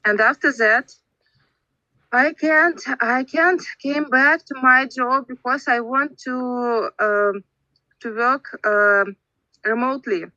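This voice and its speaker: A woman's voice: on the high side, takes it slowly, pushed and bright, no echo, highs cut off. A Russian woman in her thirties speaking English with a Russian accent, hesitant and searching for words as she chats in a speaking club. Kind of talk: casual group chat in English.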